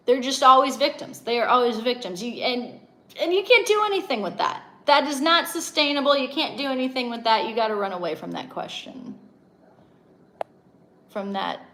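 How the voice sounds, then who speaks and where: A woman's voice: on the high side, fairly bright tone. A young adult woman hosting a casual livestream, talking emphatically and answering viewer comments as a coach.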